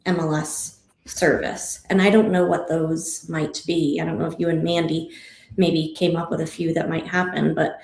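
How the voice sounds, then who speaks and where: A woman real estate agent joining a casual livestream discussion, asking a string of questions while thinking out loud. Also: deep voice, little pitch movement, moderate pace, vocal fry. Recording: echoey room.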